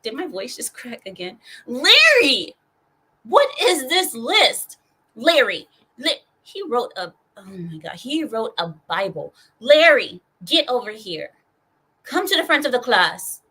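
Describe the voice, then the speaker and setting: Young woman host with a sarcastic, animated ranting delivery and a bright voice. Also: on the high side, normal speed, breathy edge, poor audio. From California. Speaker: streamer and host. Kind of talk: ranting news commentary.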